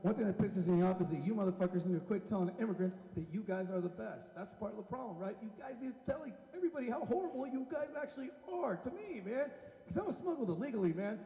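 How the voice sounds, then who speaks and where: A man's voice: sits high, expressive, fast talker, highs cut off. A man doing a stand-up comedy set on a club stage, brash and profane as he teases the crowd. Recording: echoey hall.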